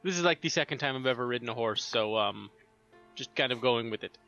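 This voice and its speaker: A man chats casually as a player in a tabletop game, making jokes at his own expense. His mid-pitched voice is bright and sharp. Music plays faintly underneath. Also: lively intonation, quick pace.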